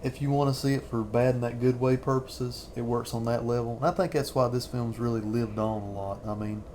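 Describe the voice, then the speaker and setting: A man's voice: medium pitch, fairly even intonation, brisk, a little mellow, slight background noise. A man in his thirties rambling through a casual film commentary as a channel host, chuckling often between remarks.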